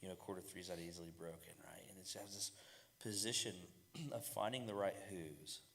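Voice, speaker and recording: A man's voice: deep voice, brisk, gravelly, a bit bright. A man on a casual panel, giving direct, confident, coach-like advice.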